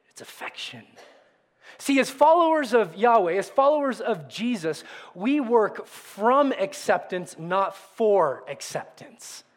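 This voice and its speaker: A man in middle age delivers a sermon with a fairly high voice. He pushes key words out loudly, then drops almost to a whisper. His voice carries a long hall reverb, as in a large church. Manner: dynamic preaching, swings from loud emphasis to near whisper. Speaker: pastor.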